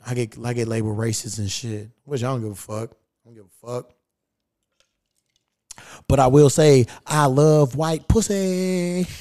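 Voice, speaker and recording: A man's voice: mid-range voice, dark tone, dry recording, clean studio sound. A man hosting a podcast in casual chat, talking bluntly and profanely. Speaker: podcast host.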